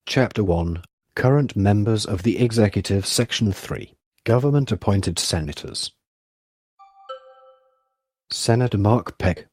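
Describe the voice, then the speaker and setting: A lower-voiced man reads out an official listing in a flat, formal way, moving through names and titles one by one. A faint bed of music sits underneath his voice. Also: measured pace, pauses often. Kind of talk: scripted reading of a government listing.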